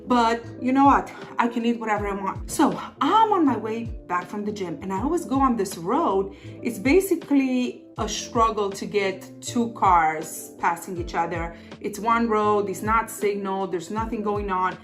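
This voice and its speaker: A woman in her thirties telling a story to camera in a lively, dramatic way. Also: medium pitch, moderate pace, faint music behind. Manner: animated, dramatic voices for quoted people.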